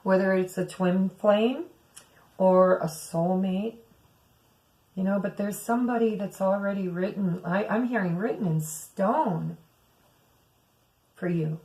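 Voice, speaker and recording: A woman's voice: medium pitch, takes it slowly, long pauses, darkish tone, poor audio. A woman giving a weekly tarot reading, musing aloud and speaking to her viewers as "some of you.". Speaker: tarot reader.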